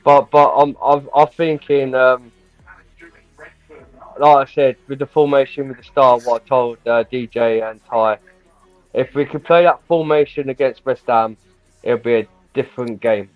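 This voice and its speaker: A man hosting a casual football livestream, hesitant and halting, his sentences full of fillers. The sound is dull and dry, with faint music underneath. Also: mid-range voice, steady tone, dry recording. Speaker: host.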